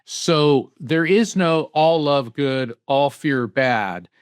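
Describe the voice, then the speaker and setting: A man speaking as a guest in an interview, answering emphatically with rhetorical questions and lively anecdotes. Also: fairly high pitch, takes it slowly, clear, resonant tone, no room sound, studio quality. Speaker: psychic medium and guest.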